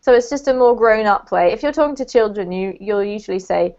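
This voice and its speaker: A woman's voice: mid-range voice, animated, brisk, a little mellow. A woman teaching English in an online lesson, explaining words patiently and checking understanding with little questions. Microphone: video call. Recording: muffled video-call audio.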